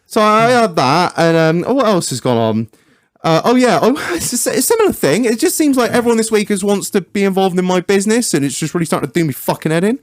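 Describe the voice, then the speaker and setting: Bloke on a podcast, swears a lot, fairly high voice, dry room. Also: male voice, fast, no room sound. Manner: sweary, animated storyteller. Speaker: podcast co-host. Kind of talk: casual banter.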